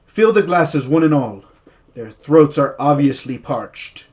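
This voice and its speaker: A man's voice: a little high, lively intonation, slow, a little mellow. A man voicing a proud, swaggering male messenger who speaks formally, in a tabletop game. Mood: commanding.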